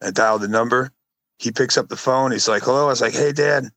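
A man's voice: quick pace, gravelly, a bit bright, no echo, low-quality recording. A man in his forties co-hosting a casual podcast, telling rambling stories and acting out quotes in a raised voice. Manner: rambling storyteller, acts out quotes in a high voice. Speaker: podcast co-host. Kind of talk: casual chat.

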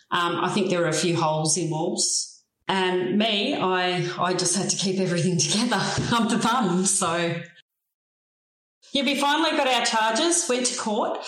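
A middle-aged Australian woman, a guest telling her own story in a frank, plain-spoken and steady way. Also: on the low side. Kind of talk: personal story in a conversation. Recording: roomy echo.

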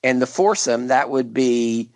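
A man's voice: medium pitch, a little mellow, no room sound. Guy hosting a podcast, retelling a crime case casually, lots of laughing and restarts, dead dry sound. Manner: jokey, laughs often, halting with restarts. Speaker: podcast host.

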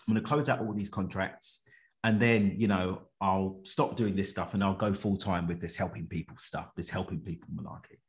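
A man recounts his own story as a podcast guest, talking animatedly and breaking into chuckles. His voice sits fairly low. His phrasing is casual and full of everyday slang. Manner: animated, chuckles often, colloquial. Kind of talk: personal storytelling in conversation.

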